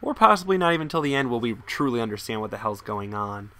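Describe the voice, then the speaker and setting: A young man giving casual, excitable let's-play commentary, often incredulous and swearing. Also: mid-range voice, fast. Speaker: gameplay commentator.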